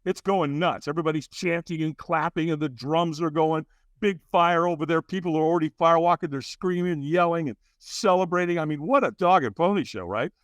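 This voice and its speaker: A man telling a personal story as a podcast guest, acting out the other people's lines with big leaps in pitch. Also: a little fast, no room sound. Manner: acts out dialogue with big jumps in pitch. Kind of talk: animated storytelling.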